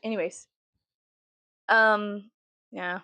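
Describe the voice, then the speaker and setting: A young woman from Texas talks straight to camera in a loose, rambling vlog, swearing freely and joking as she goes. Her voice sits at an ordinary middle pitch, and the sound is close and dry with no room around it. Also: steady tone, drawn-out words, sharp tone, no echo. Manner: profane, chatty, jokey. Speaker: vlogger. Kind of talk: casual rambling monologue.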